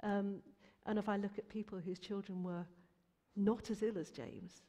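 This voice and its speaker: Woman in her 50s, mid pitch, earnest faith testimony, long church-like reverb. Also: moderate pace. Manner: earnest and animated, rising emphatic bursts. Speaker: Christian musician guest. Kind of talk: personal faith testimony in an interview.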